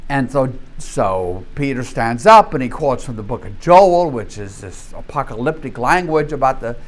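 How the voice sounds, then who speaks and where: A man's voice: medium pitch, moderate pace. A man from North Louisiana teaching a Bible study in a conversational way, often checking in with the group and telling stories with animation. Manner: animated storyteller.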